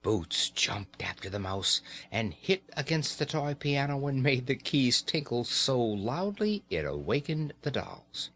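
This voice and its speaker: A man reads a children's story at an unhurried pace, his pitch rising and falling a great deal as he tells it. His delivery is slow and very expressive.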